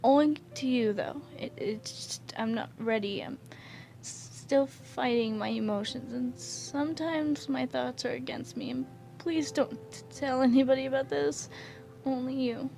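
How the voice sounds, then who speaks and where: A timid young man who barely speaks, voiced by a woman reading a fan story, stammering and stopping on nearly every phrase. The voice sits high and the delivery comes out slow and careful. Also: steady tone, vocal fry, soft background music. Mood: shy. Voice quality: stammering, halting. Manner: soft, hesitant, repeats words. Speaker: guest reader.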